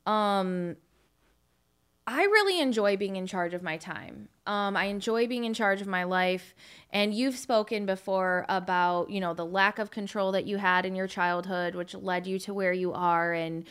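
Smooth-voiced woman talking earnestly on a podcast. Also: medium pitch, measured pace, fairly bright tone. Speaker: podcast co-host, real estate agent, former property manager. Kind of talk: casual podcast chat.

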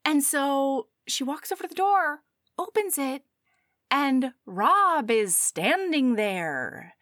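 A young woman chatting on a podcast, recapping a novel and slipping into the characters' voices. Her voice sits fairly high and sounds dry and close, with no room around it. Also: slow pace, no echo. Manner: animated, acts out characters' lines with big pitch swings. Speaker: podcast co-host. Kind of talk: casual chat, retelling a book plot.

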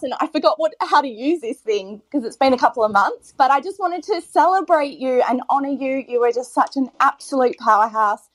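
A woman's voice: on the high side, lively intonation, normal speed, dry recording. A gushing, effusive woman talks casually, heaping praise on the host. Her voice is dry and close, with almost no room sound. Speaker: listener and former coaching client. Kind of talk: casual chat. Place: online audio chat room.

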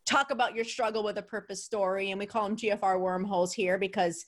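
A New York-accented woman hosts a podcast interview, chatting fast at a medium pitch with a steady tone. She's bubbly and talkative in this casual exchange, laughing often.

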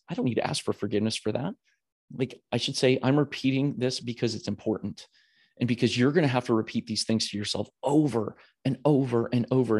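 A man's voice: fairly low pitch, darkish tone, breathy edge. A man hosting a podcast, talking candidly in a rambling, earnest way with many restarts. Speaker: podcast host.

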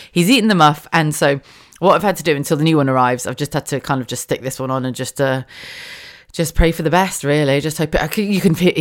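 A woman, chatting casually on her own podcast from a room at home, laughing often and swearing now and then. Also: low voice. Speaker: podcast host. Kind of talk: casual solo podcast chat. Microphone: studio mic with a damaged foam windscreen.

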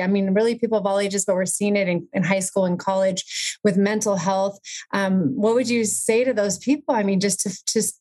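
A woman's voice: medium pitch, darkish tone. A woman hosting a podcast who chats casually and asks long, searching questions. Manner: curious, asks rambling questions. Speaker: podcast host. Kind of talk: casual interview chat.

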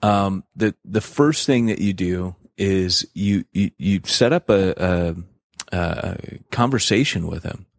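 A man co-hosting a podcast, talking in an animated, joking way with many restarts and fillers. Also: sits low, slow, creaky, no echo, studio quality. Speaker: podcast co-host. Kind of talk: casual podcast chat.

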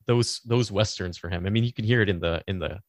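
A low-pitched man in casual podcast chat. He rambles and restarts his thoughts often. The sound is dry and close. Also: fast, no echo. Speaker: podcast co-host.

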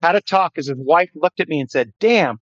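A man's voice: on the high side, quick pace, dry recording, lo-fi sound. A man, a fitness guest on a podcast, chatting emphatically and telling stories with energy. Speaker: guest, fitness system founder. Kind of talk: casual podcast chat, storytelling.

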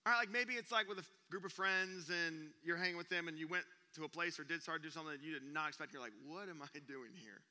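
A young man preaching, an animated storyteller who acts out gasps and sounds during a comic story, speaking in a church auditorium. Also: a little high, rapid-fire, hardly any pauses. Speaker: youth pastor. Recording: long reverb of a church hall.

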